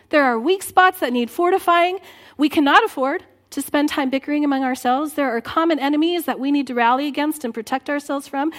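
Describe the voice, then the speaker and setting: Woman preaching in church, high voice, earnest, goes quiet and low sometimes. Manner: earnest, rising to exhort then dropping soft and low. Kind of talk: sermon. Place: church sanctuary.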